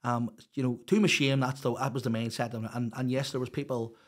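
A middle-aged man, telling a raw personal story as a podcast guest, halting and restarting often. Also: medium pitch, level tone. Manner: raw, confessional, halting with many restarts and fillers.

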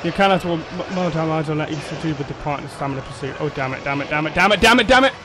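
A man commentating on his own gameplay, excitable, swearing, shouting and laughing at the action. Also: a little high, racing, noisy background. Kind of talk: let's play commentary.

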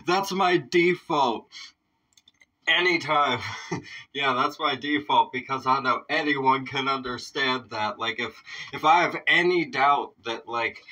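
Brief: male reaction host, very bright tone, laid-back casual chatter, sitting a bit off the mic. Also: mid-range voice, recorded from a distance, poor audio.

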